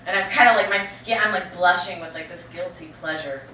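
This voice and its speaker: Young woman, bright open-mic storyteller, blunt and rambling, echoey room from a distance. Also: lowish voice, brisk, a little hiss or hum. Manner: frank, profane, rambling with many "like" fillers. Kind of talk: confessional stand-up storytelling. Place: stage in a roomy venue with a live audience.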